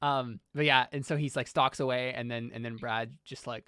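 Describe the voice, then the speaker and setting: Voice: medium pitch, fairly even intonation, moderate pace, pushed and bright, smooth, no echo. A player narrating a scene in a tabletop role-play, rambling along with many "like"s.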